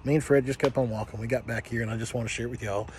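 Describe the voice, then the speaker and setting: A man's voice: medium pitch, steady tone, very fast, darkish tone, husky. A man talking candidly in a casual vlog, telling stories with self-mocking jokes. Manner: candid, joking storyteller. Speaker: vlogger. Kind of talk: casual late-night vlog.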